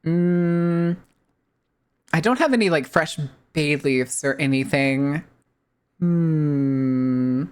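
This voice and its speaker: A woman's voice: deep voice, drawn-out words, a little mellow, clean tone. A woman VTuber streamer in casual, rambling live-stream chat, swearing freely and using plenty of filler words.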